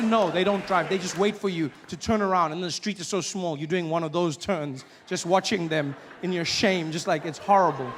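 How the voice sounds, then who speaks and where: A man doing a stand-up comedy set, telling stories and acting out other people's voices with loud, high outbursts. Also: brisk, few pauses, long reverb tail, very noisy.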